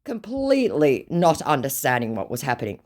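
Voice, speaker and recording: A woman's voice: rumbling low, expressive, moderate pace. A woman host telling a story in a dry, sarcastic way, reading out scam chats. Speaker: scam baiter, channel host. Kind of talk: casual storytelling to camera.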